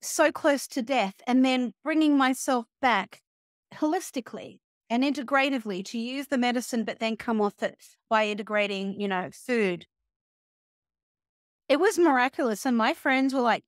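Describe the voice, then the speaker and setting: A woman's voice: on the high side, normal speed, no echo, clean studio sound. A middle-aged woman, a health and wellness coach, talking in a casual interview and acting out sarcastic quotes. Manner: animated, acts out quoted voices, sarcastic asides.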